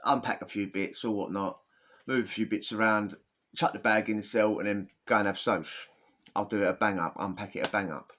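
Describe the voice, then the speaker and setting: Low-voiced man telling stories. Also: steady tone, fairly quick, a bit bright. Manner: chatty, slangy, rambling. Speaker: podcast host. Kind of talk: casual storytelling. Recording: dull lo-fi sound.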